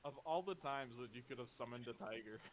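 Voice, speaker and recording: A man's voice: mid-range voice, expressive, fast. A man chatting as a player before a tabletop game, laid-back and easily amused.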